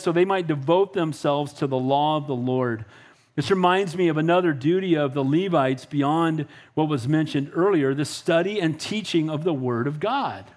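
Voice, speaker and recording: A middle-aged man preaches with a high, bright voice that climbs and dips as he drives his points home. He keeps checking in with the congregation, calling for amens between lines. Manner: animated preaching with frequent call-outs for amen. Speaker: pastor. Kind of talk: sermon.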